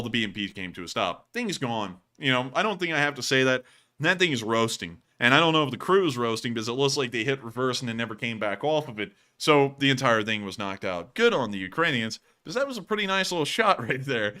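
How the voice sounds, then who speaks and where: With a sharp tone at medium pitch, a man hosts a war footage commentary show, talking casually and sarcastically over video clips. He jokes around and is quick to laugh.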